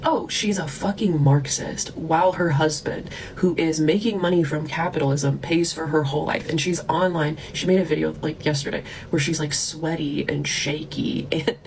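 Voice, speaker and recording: Gravelly woman ranting to camera. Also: low voice, fairly even intonation, normal speed, hardly any pauses, a little hiss or hum, rough recording. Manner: profane, heated, with scornful laughs. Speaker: vlogger.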